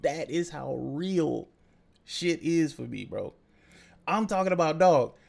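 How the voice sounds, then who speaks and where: Podcast host, young adult male, gravelly and a bit high-pitched, profane storyteller. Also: takes it slowly. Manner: profane, animated storytelling with laughs. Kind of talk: casual chat.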